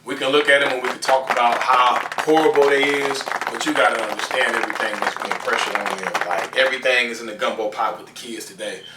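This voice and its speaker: A man doing a stand-up comedy set, telling slangy, profane stories and squealing loudly when he acts out scenes. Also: mid-range voice. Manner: loud squealing voices when acting out scenes. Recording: roomy live venue, distant from mic.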